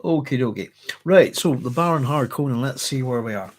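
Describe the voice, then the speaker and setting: A hoarse man hosting a book club, chatting casually and reading passages aloud with rambling self-corrections. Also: medium pitch, lively intonation, brisk. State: hoarse, clearing his throat.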